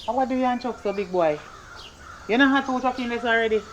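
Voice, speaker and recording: A performer playing a stern, broke Jamaican mother who scolds her son in rapid patois. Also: medium pitch, slight background noise, lightly acted. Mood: scolding. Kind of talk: comedy skit acting.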